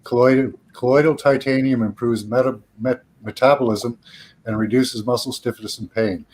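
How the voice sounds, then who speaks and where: A man talking in a casual group voice chat. He explains a process step by step, pausing on fillers as he goes. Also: mid-range voice, fairly even intonation, a little mellow, poor audio. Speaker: chat participant.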